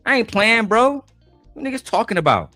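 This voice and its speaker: A man streaming live, telling stories in a profane, boastful, animated way. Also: high voice, normal speed, no echo, soft background music. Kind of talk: livestream rant.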